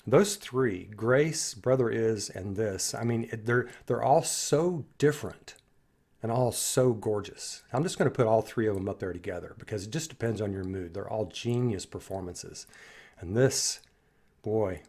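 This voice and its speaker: A man with a somewhat low voice reacts to a song in a casual commentary. His talk is reflective and admiring, and his phrases often fade out into gentle pauses. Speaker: music reaction host.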